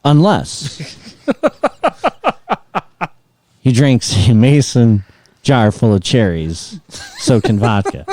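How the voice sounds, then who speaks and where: A man's voice: medium pitch, wildly swooping pitch, drawn-out words, pauses often, mellow, no echo, studio quality. A middle-aged man, a guest musician, telling a rambling story in casual chat and laughing often.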